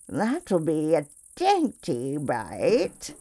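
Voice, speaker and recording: A woman voicing a cruel old witch in a storybook reading, drawing her words out slowly and gloatingly. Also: low-pitched, wildly swooping pitch, dark tone, heavily acted. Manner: slow, drawn-out, gloating. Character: cruel old witch luring children, jeering.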